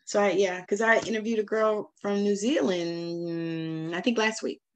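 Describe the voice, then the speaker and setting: A woman's voice: mid-range voice, measured pace. A woman from Savannah with a Southern American accent, hosting an interview, effusive and laughing often. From Savannah, Georgia, US. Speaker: host. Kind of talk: casual interview chat.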